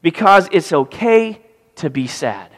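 Animated male pastor in a reverberant hall. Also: fairly high pitch, a little slow. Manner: animated, acts out pleading voices. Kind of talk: sermon with scripture reading.

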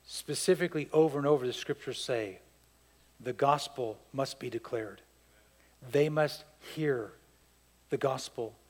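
A man's voice: medium pitch, unhurried, long pauses, in a large hall. A man preaching a sermon as pastor, telling a story and acting out the voices of the people in it with emphasis.

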